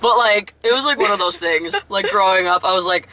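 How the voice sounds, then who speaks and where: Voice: mid-range voice, brisk, sharp tone, rough recording. A young adult rapper speaking candidly as an interview guest, full of "like" fillers. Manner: candid, heavy use of "like" fillers. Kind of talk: casual interview chat.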